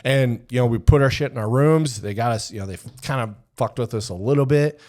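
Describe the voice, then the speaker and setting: A man in his fifties, a former Army Ranger, casually telling stories from his training in a loose, profane way and acting out old exchanges in hushed asides. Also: medium pitch, a little fast. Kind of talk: casual storytelling.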